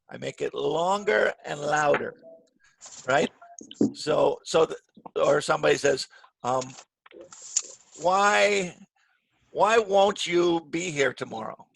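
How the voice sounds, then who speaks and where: A man teaching an English grammar class over a video call, speaking clearly and patiently and stressing the words he models. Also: fairly high pitch, lively intonation, takes it slowly, long pauses, a bit bright. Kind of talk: online grammar lesson. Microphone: computer mic on a video call.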